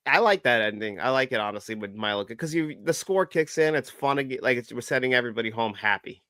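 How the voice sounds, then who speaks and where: A man co-hosting a podcast in casual chat, chatty and quick to laugh. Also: medium pitch, lively intonation, sharp tone, clear, resonant tone, no room sound, clean studio sound. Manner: chatty, laughs often, acts out quotes. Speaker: podcast co-host.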